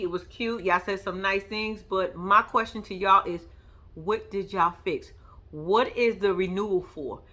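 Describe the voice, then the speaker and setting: A woman giving blunt, profane casual commentary on a reality TV show, talking straight to her viewers and laughing often. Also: fairly high pitch. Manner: animated, talks straight to viewers. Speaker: reality TV recap vlogger.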